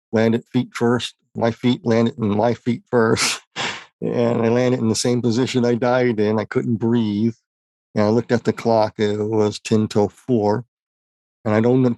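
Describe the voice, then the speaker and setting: Gravelly-voiced man telling a tearful story. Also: on the low side, darkish tone, dry recording. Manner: halting, repeats words, choked up with tears. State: tearful, voice breaking. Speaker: interview guest. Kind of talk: emotional personal testimony.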